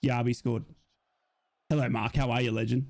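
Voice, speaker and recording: A man's voice: mid-range voice, little pitch movement, moderate pace, darkish tone. A young man with a chatty manner, hosting a live football watch-along and talking straight to viewers in chat.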